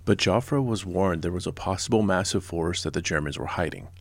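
A man's voice: low-pitched, fairly quick, dry recording, studio quality. A man in his forties from Southern California, narrating history with blunt sarcasm and casual personal asides. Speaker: podcast host.

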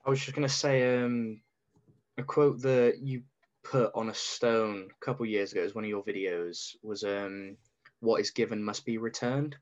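A man's voice: on the low side, fairly even intonation, normal speed. A British man in his twenties, a podcast guest in casual chat, talking in a hesitant, reflective way with many "um"s. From Britain. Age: 20s. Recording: muffled lo-fi audio.

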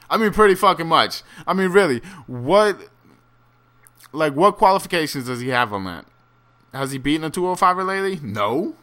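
A man's voice: fairly high pitch, lively intonation, moderate pace, a bit bright. A man rambling through a casual, profane solo monologue with many fillers and restarts, turning incredulous and ranting at times. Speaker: solo fight commentator.

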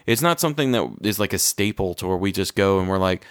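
A man's voice: low-pitched, animated, fast talker, no room sound, studio quality. A man co-hosting a casual podcast chat, crude and joking, rambling with restarts. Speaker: podcast co-host. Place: lives in Florida. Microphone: own dedicated microphone.

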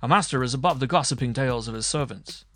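A man's voice: mid-range voice, fast, a bit bright, faint music behind, lightly acted. Man putting on a blustering haughty marshal. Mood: indignant. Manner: blustering, imperious. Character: arrogant cruel medieval male marshal, haughty and volatile.

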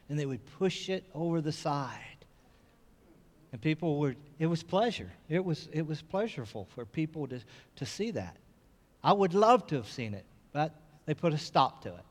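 A man's voice: medium pitch, long reverb tail. A man preaching a sermon as pastor, telling a story and building to fervent repeated cries.

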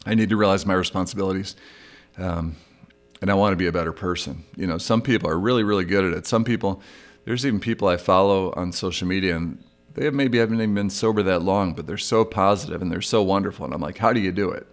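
A man's voice: deep voice, fast talker. A middle-aged man hosting a solo podcast, talking candidly and reflectively about his own struggles. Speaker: podcast host. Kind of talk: solo recovery podcast monologue.

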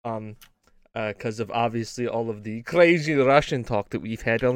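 A man co-hosting a laid-back gaming stream show, rambling through restarts as he spins deadpan spy jokes. His voice sits in the middle range and sounds dry and close. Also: medium pitch, normal speed, smooth, no echo. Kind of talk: casual joking chat.

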